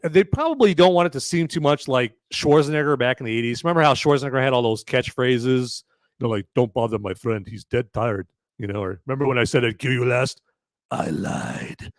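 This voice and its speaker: A man rambles through a live movie-review podcast, joking and cursing as he goes. His pitch leaps around, and the close recording is dry with no room sound. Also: dry recording. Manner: rambling, animated, jokey, swears. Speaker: podcast host reviewing a film. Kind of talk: casual live-stream chat.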